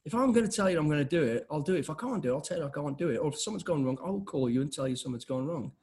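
A man in his fifties, an interview guest telling blunt, animated stories full of restarts and acted-out dialogue. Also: fairly high pitch, racing, breathy edge. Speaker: interview guest, former special forces soldier. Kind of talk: casual conversational storytelling.

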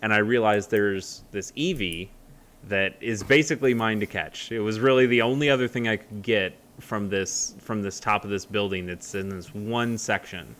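A man's voice: on the low side, moderate pace, fairly bright tone, a little hiss or hum. A man chatting casually as a co-host, rambling with many fillers and restarts. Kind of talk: casual chat.

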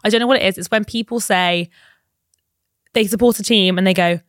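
A young woman, a podcast guest, telling stories in an animated, giggly way. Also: medium pitch, a little fast, no room sound, clean studio sound. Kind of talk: casual chat.

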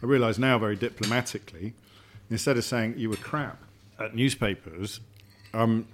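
A middle-aged man with a lowish voice talks at normal speed, with a little hiss or hum on the recording. He's a dinner guest in a home dining room, telling stories in casual table chat and often repeating words as he thinks.

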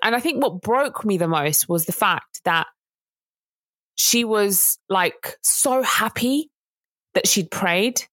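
A woman's voice: medium pitch, animated, takes it slowly, fairly bright tone, dry recording. Earnest woman telling a story. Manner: earnest storytelling, rising to indignant emphasis. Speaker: podcast co-host. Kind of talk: casual chat.

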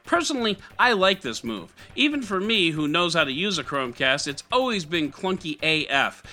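A podcast host delivers tech news in a wry, sarcastic, very animated way at normal speed. His fairly high, very bright voice swings widely in pitch, with faint music playing underneath.

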